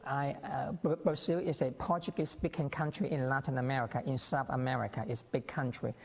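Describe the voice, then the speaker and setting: On a TV interview set, a male guest scholar explains his views, restarting often and acting out quotes. His medium-pitched voice is fairly even and fairly quick, with long reverb on it.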